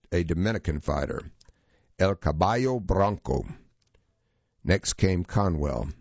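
A man reading a true story aloud as scripted narration, steady and measured. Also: deep voice, no room sound, highs cut off.

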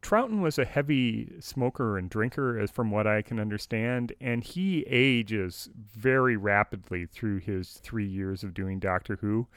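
A man's voice: fairly low pitch, unhurried, hardly any pauses, a bit bright, no echo, studio quality. A man co-hosting a podcast in casual chat, chatty and often laughing between remarks. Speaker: podcast co-host.

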